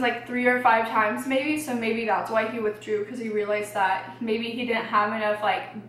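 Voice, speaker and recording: A woman's voice: a little high, fairly bright tone. A woman vlogger chatting casually about a true-crime case while eating, with plenty of "um"s and "like"s. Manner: chatty, many fillers and hedges. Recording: roomy echo, faint background noise.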